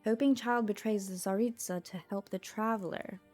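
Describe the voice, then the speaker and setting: A woman streaming a game talks through her choices half to herself, in a chatty, easygoing way with quick little laughs. Her voice sits at an ordinary middle pitch, and soft music plays faintly underneath. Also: steady tone. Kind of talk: casual gameplay commentary.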